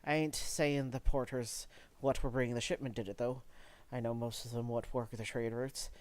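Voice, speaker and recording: A man's voice: mid-range voice, level tone, normal speed, no echo, lightly acted. A man voicing a blunt, folksy working-class dock foreman while reading game dialogue aloud. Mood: gruff.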